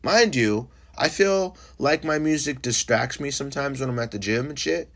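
A young man hosting a casual solo podcast who is high, rambling and swearing freely between fillers. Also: moderate pace, gravelly, fairly bright tone. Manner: rambling and profane, full of fillers. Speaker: podcast host.

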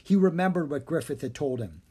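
A narrator reading a children's storybook aloud. The delivery is clear and expressive, with a medium-pitched voice. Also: a little fast. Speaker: audiobook narrator.

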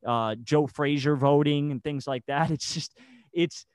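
A man's voice: fairly high pitch, a little slow, a little mellow, clean tone, no room sound. A man ranting heatedly in a casual chat, stammering and restarting his sentences. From United States. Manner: agitated and rambling, with stammered restarts.

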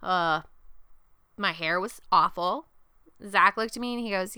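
A young adult woman co-hosting a casual chat podcast, telling animated, profane stories and acting out what others said. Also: lowish voice, a little slow, clean tone, dry recording. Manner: profane, animated storytelling with quoted voices. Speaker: podcast co-host.

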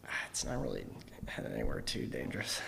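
A man's voice: very deep voice, wildly swooping pitch, fast, vocal fry, a bit bright. A young man co-hosting a podcast, telling a long story in a casual, rambling way, full of fillers and laughs. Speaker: podcast co-host.

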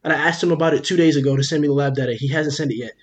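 A young man, a podcast co-host, telling a story in casual chat, animated and profane, acting out what everyone said. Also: a little high, slight background noise. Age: young adult. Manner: animated, profane, rapid retelling with quoted dialogue.

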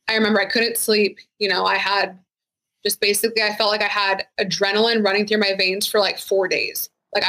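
A woman's voice: mid-range voice, bright, forceful tone, low-quality recording. A woman who is a retired sheriff's deputy, speaking frankly and casually as a guest in an interview, with many "like" fillers. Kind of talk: candid interview conversation.

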